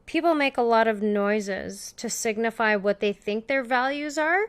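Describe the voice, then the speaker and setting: A woman's voice: fairly high pitch, moderate pace, smooth, no echo. A woman hosting a casual podcast chat, effusive and friendly. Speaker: podcast host.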